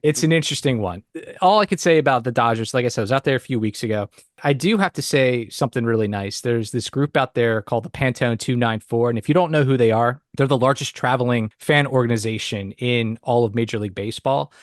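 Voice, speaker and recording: A man's voice: medium pitch, fast talker, dry recording, studio quality. A man hosting a baseball podcast in casual chat, playful and mock-indignant with his co-hosts. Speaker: podcast host.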